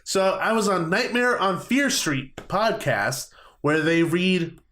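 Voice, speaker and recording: A young man with a fairly high voice chats with his co-host on a casual podcast. He laughs easily and often restarts his sentences as he talks. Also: slow, sharp tone. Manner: chatty, laughs often, stumbles over words.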